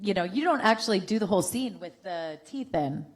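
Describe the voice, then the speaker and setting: A woman's voice: mid-range voice, lively intonation, fairly quick. A woman moderating a convention panel, giving short, friendly prompts and passing the microphone to fans. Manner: brief, friendly prompts and thanks. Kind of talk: moderating a fan Q&A.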